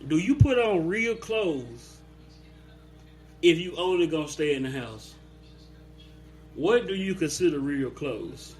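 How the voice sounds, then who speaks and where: A man's voice: a little high, animated, slow pace, pauses often, darkish tone, soft background music. A man co-hosting a casual podcast chat, telling stories animatedly, acting out quotes and laughing a lot. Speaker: podcast co-host.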